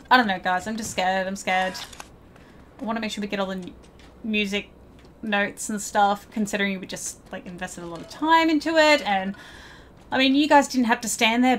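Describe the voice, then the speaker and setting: A woman's voice: a little high, fairly bright tone. Chatty woman gamer, noisy game audio. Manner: chatty to viewers, swears at game characters. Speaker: let's play gamer. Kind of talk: casual gameplay commentary.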